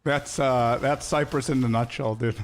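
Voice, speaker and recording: A man's voice: medium pitch, steady tone, normal speed. A man streaming a game, chatting casually with viewers in a laid-back, slangy way and laughing often.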